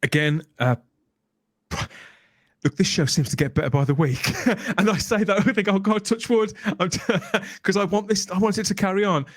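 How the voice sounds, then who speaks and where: A man talking in a casual podcast discussion, enthusiastic and emphatic, stumbling and repeating words as he gets excited. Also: high-pitched, normal speed, no echo, studio quality. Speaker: guest podcaster.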